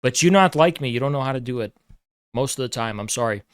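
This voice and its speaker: A man's voice: mid-range voice, expressive, fast, clean tone, dry recording, studio quality. A man hosting a livestream, ranting at his chat in an aggressive, profane, repetitive lecturing way. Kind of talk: heated livestream rant to chat.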